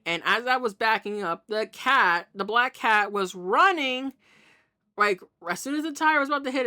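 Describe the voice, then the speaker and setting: A woman's voice: medium pitch, sharp tone. A woman vlogging from her home in a casual, rambling monologue with many restarts.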